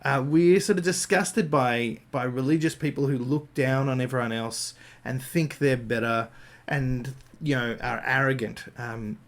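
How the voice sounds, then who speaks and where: A medium-pitched man speaking a little slowly gives an improvised Christian talk. He is Australian and thinks aloud, with frequent fillers and restarts.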